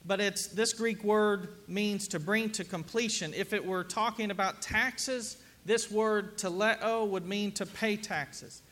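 A man's voice: high-pitched, fairly even intonation, slow, few pauses, fairly bright tone, a little hiss or hum. A middle-aged man preaching a sermon to a congregation in a conversational way, asking them questions as he goes. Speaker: pastor. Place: church sanctuary with congregation.

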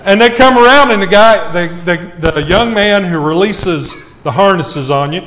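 A man preaching a sermon, telling a self-mocking story with lively swings in his voice. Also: sits high, moderate pace.

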